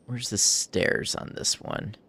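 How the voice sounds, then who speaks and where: A gaming streamer speaks slowly in a sharp-toned male voice, casually commenting on his game as he plays. He thinks aloud and chuckles often in this let's-play style commentary.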